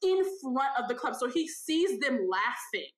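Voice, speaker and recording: Animated high-voiced woman telling a story. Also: measured pace, a little hiss or hum. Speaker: podcast co-host. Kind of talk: casual storytelling chat. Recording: echoey room.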